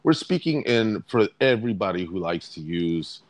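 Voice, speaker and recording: A man's voice: on the low side, very animated, moderate pace, no room sound. A man co-hosting a podcast in a jokey casual rant, playful and often repeating words as he searches for them. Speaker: podcast co-host.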